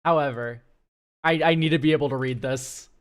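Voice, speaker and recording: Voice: medium pitch, a little fast. A streamer who reviews viewer decks, talking casually to chat, ranting and swearing freely.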